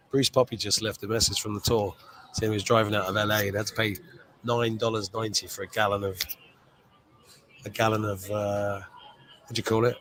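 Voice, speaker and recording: A man with a somewhat low voice talks in a loose, rambling livestream chat. He swears freely and reads out viewer comments as he goes, recorded at an airport. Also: a little hiss or hum, rough recording. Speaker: show host.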